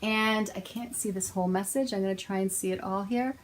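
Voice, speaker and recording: Middle-aged female host, relaxed storyteller with a dry sarcastic streak, mid-range voice. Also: mid-range voice, a little fast, slight background noise, rough recording. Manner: chatty storytelling with a sarcastic edge. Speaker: self-help author and host. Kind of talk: casual talk to viewers.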